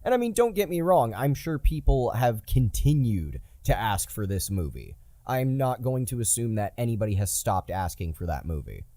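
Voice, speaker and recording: Mellow-voiced man swearing in podcast chat. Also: medium pitch, normal speed, few pauses, no room sound. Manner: relaxed, sets up jokes, swears casually.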